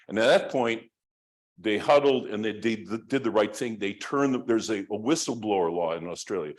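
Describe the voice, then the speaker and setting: A man's voice: lowish voice, moderate pace. Rambling male lecturer telling a story. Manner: rambling, conversational, many restarts. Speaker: university lecturer.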